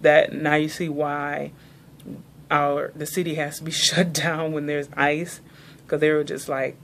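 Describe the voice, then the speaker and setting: A woman's voice: deep voice, slight background noise. Chatty young woman rambling through a vlog. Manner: rambling, chatty, many "like" fillers. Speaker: vlogger. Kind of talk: casual haul vlog chat.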